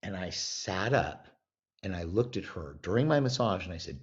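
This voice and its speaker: A man guest on a podcast, telling a story with emphatic, animated delivery and acting out the voices of the people in it. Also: low-pitched, normal speed. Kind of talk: storytelling in an interview. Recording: dull lo-fi sound.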